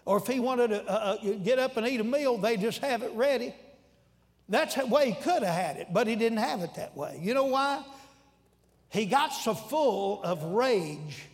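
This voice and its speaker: A man preaching a sermon in a church, telling stories in a folksy, animated way with sudden shouts. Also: very high voice, normal speed. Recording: long reverb in a large hall.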